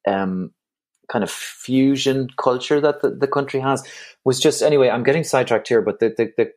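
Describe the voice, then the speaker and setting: An Irish man in his forties, a travel writer guest telling stories in conversation, animated and rambling, with frequent restarts and laughs. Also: mid-range voice, normal speed. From Ireland. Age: 40s. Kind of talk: conversational storytelling.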